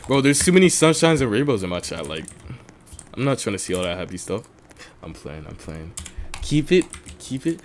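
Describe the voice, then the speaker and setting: A young man of about eighteen streaming a game live, chatting with viewers and swinging from low mumbles to loud outbursts. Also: sing-song, normal speed, slight background noise. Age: young adult, about 18.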